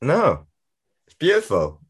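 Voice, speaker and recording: A man from Scotland co-hosting a podcast, laid-back and quick to laugh. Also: fairly high pitch, wildly swooping pitch, husky. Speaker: podcast co-host. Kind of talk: casual podcast chat.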